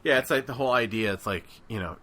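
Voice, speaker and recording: A man's voice: medium pitch, fast talker. A man co-hosting a podcast in casual chat, rambling with many fillers. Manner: rambling, filler-heavy, animated. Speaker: podcast co-host.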